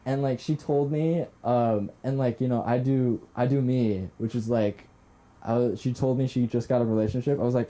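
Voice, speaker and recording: A young man doing stand-up at an open mic, spinning a self-deprecating story in a rambling way, full of fillers and restarts. His voice has a mellow, darker tone, and faint room noise sits behind him in the club. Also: mid-range voice, fairly even intonation, moderate pace. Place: comedy club stage.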